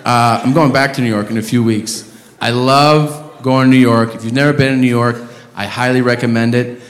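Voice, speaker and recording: A man doing stand-up comedy on a club stage, ranting loudly and profanely in animated bursts. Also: mid-range voice, moderate pace. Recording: roomy club with audience laughter.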